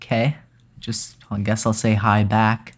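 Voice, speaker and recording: Low-voiced guy player, quiet deadpan answers. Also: a little slow. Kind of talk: casual tabletop role-play.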